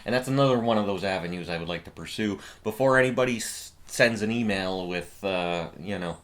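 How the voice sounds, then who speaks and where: A lively, animated middle-aged man in casual podcast chat as co-host. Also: low-pitched, brisk.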